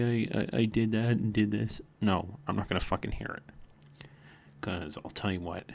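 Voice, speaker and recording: A man's voice: low voice, vocal fry, slight background noise. A man venting to the camera late at night, bitter and profane, often muttering his threats. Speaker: channel host. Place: indoors at home late at night.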